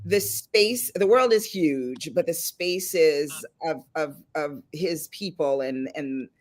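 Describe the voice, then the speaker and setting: A middle-aged woman hosting a casual chat and telling stories with animated delivery. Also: deep voice, takes it slowly. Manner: lively storyteller, animated and laughing. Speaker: host. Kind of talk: casual chat on a video call panel.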